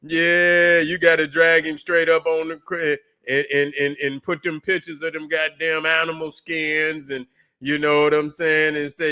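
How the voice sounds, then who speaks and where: A man's voice: on the high side, little pitch movement, measured pace, sharp tone, smooth. A man hosting a livestream, loose and profane, mocking, with many fillers and restarts. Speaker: livestream host. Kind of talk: casual ranting commentary.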